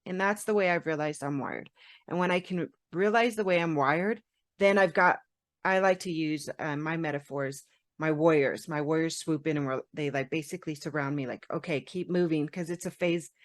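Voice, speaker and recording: Podcast guest, female, low-ish voice, dry recording, reflective and metaphorical. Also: normal speed, no echo. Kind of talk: casual chat.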